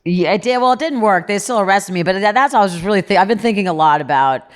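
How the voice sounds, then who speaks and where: A woman host talks bluntly and swears freely as she tells stories. Her pitch swoops widely, giving her speech a lively, animated feel. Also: fast talker. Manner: blunt, profane, animated storyteller. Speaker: podcast host. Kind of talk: casual chat and storytelling.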